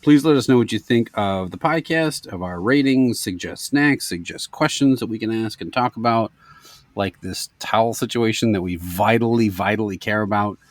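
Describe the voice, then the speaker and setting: A man in his thirties co-hosting a casual podcast, relaxed and joking, with plenty of swearing. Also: lowish voice, normal speed, dry recording. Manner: laid-back, swears and laughs often. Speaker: podcast co-host. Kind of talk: casual chat.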